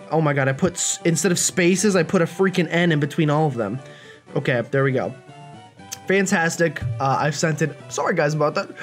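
A young man hosting a video game let's play in a chatty, self-deprecating, animated way. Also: a little high, normal speed, soft background music. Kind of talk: casual game commentary.

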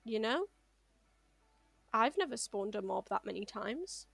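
A woman streams a game in a playful, chatty way, coaxing the creatures on screen. Her voice sits a little high and she talks at an unhurried pace. The mic is close and dry, with faint music underneath. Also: lively intonation, creaky, a bit bright, husky, no echo. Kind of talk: casual gameplay streaming.

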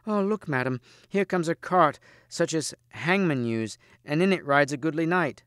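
A man voicing a young lady-in-waiting in a storybook reading, exclaiming in a high, breathless way. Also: lively intonation, normal speed, fairly bright tone, dry recording, studio quality. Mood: excited. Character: excited young female damsel, lady-in-waiting.

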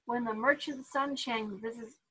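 A woman's voice: on the high side, steady tone, a little slow, sharp tone, slightly rough, full character voice, low-quality recording. A woman voicing a young boy emperor who speaks in a proud, formal way. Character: young boy emperor, sulky then commanding.

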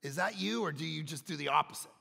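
A middle-aged man preaching with a high, bright, gravelly voice that swings between quiet reflection and loud, self-mocking storytelling. His sermon carries a long reverb from a large hall. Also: quick pace. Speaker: pastor.

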